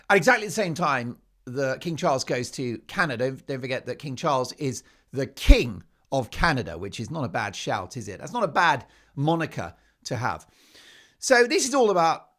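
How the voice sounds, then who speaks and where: A man's voice: a little high, a bit bright. A man hosting a talk show, delivering an emphatic, sarcastic opinion monologue full of rhetorical questions.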